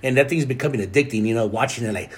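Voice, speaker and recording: A man co-hosting a podcast, chatting in a relaxed, slangy way. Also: mid-range voice, very fast, a little hiss or hum. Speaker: podcast co-host. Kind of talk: casual chat.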